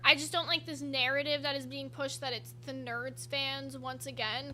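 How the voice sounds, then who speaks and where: High, bright-voiced woman co-hosting a stream. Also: a little hiss or hum. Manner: swears freely, laughs often. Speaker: stream co-host. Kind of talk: casual livestream chat.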